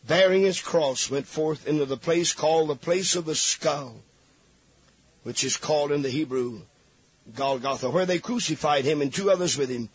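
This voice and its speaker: A man's voice: fairly high pitch, normal speed, slightly rough, no room sound. A man preaching a fervent sermon, reading scripture aloud and pleading with his listeners.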